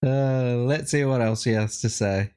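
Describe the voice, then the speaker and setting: A man's voice: medium pitch, normal speed, darkish tone, clear, resonant tone. A man co-hosting a casual chat, reacting to clips with frequent laughter and swearing. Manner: laughs often, swears, reads chat aloud. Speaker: co-host.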